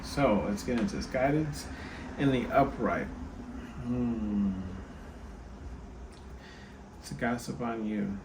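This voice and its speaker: A man's voice: medium pitch, takes it slowly, long pauses. A tired man hosting a casual tarot card reading, chatting straight to viewers with lots of fillers. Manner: chatty, many fillers, talks to viewers directly. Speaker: tarot card reader and channel host. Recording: steady background noise.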